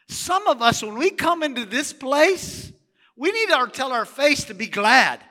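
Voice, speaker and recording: A middle-aged male pastor preaching a sermon in a church, animated and asking the congregation questions. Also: extremely high pitch, a little slow, in a large hall.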